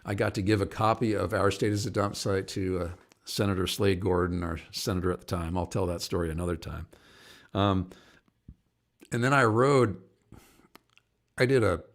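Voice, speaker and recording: A man's voice: low-pitched, fairly even intonation, normal speed, gravelly, pauses often. A middle-aged man, a singer and activist, rambles and chuckles as he tells stories and greets viewers by name on his live online show. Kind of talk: casual live-stream storytelling.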